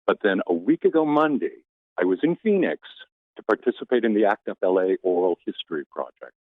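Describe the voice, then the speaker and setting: A man calling into a radio show, singing slowly to the host, then telling a story. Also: fairly low pitch, sing-song, no room sound. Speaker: caller. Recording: phone line.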